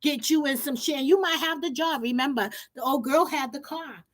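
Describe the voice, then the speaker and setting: Blunt, bright-voiced woman host. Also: sits high, a little fast, dry recording. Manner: blunt, profane, gives advice. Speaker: podcast host. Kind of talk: casual commentary.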